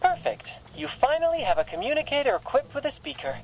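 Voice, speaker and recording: An actress voicing a brisk, matter-of-fact woman on a team. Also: sits high, sing-song, low-quality recording. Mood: wry.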